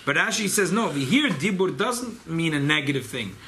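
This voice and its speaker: Man, rabbi, Torah class, emphatic, animated, bright tone, high pitch. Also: a little fast, slight background noise. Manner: animated, emphatic, mixes Hebrew and Yiddish terms. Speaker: rabbi leading a study gathering.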